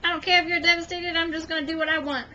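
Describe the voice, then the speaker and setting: A woman's voice: extremely high pitch, steady tone, bright, forceful tone, lo-fi sound, voice pushed up. A woman putting on a bratty teenage cat. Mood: sassy. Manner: bratty, quick and mocking. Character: sassy teenage female cat, defiant and careless.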